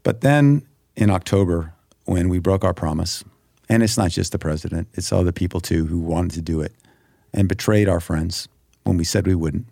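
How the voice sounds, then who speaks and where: This podcast guest, a middle-aged American, has a low, creaky yet mellow voice and a moderate pace. His testimony is earnest and emphatic, with quoted prayers and dialogue acted out, captured as a dry recording with clean studio sound.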